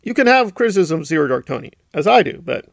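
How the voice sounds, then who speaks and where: A man's voice: fairly high pitch, very animated, fast, creaky, no room sound. A middle-aged man giving a sarcastic, indignant commentary, often mocking others with put-on voices. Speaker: commentary YouTuber. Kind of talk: ranting commentary.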